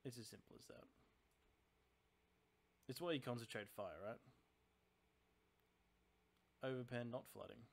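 Brief: a man of average pitch talking through his game casually, analyzing tactics aloud. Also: a little slow, creaky, long pauses. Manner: chatty, analytical, thinking aloud about tactics. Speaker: channel host playing a naval strategy game. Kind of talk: casual let's-play commentary.

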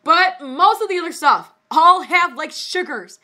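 Woman reading bad fan fiction aloud. High, bright, swooping voice. Slow, mock-dramatic delivery, bursts into shrieking laughter. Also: expressive. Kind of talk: dramatic reading with mocking commentary.

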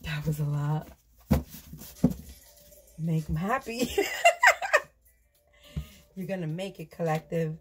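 A woman's voice: sits low, fairly even intonation, slow, pauses often, darkish tone, soft background music. A tired woman giving a casual tarot reading, loose and laughing, swearing and slipping into whispers. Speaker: tarot reader.

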